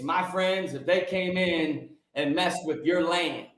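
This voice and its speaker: A man hosting a live stream like a fervent sermon, shouting and firing rhetorical questions at his viewers. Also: on the high side, slow, echoey room, low-quality recording. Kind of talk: fiery preacher-style live stream.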